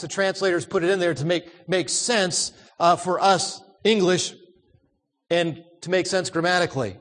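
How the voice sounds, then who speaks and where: A man's voice: sits high, a bit bright, big-room sound. A man preaching a sermon, emphatic, repeating words and asking the congregation questions.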